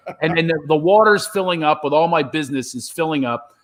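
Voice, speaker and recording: A man's voice: fairly high pitch, fast. A middle-aged man, a stand-up comedian, telling stories on a live stream and acting out his own reactions.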